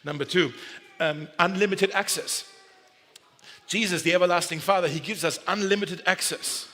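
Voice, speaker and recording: A pastor preaches in a large church hall, keeping things casual and joking and correcting himself mid-sentence. His voice sits high with a fairly bright tone at a normal speed, and long hall reverb fills the recording.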